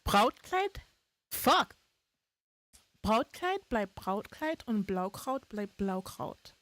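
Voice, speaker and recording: A woman's voice: fairly high pitch, very animated, extremely slow, a bit bright, dry recording. A woman streaming live in casual chat, playful, laughing often and swearing freely.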